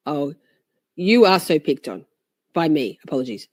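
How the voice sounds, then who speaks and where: A woman hosting a casual stream, chatting with viewers in an animated, playful, mock-dramatic way. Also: sits low, slow, no echo. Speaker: livestream host. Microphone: phone.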